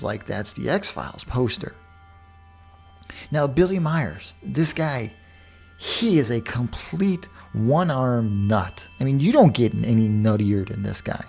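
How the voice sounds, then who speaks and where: A man talking alone into the mic as a podcast host, wandering off on tangents and circling back. His voice has a gravelly edge and a lively, swinging pitch. Faint music sits under his talk. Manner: rambling, digressive, with frequent restarts. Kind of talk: casual monologue.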